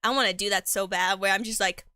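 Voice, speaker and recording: A woman's voice: mid-range voice, steady tone, fast, bright, forceful tone, dry recording, studio quality. A young woman streamer chatting casually while eating. She rambles, stumbles over her words, uses a lot of slang, and laughs often, sometimes talking with her mouth full. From Mexican heritage.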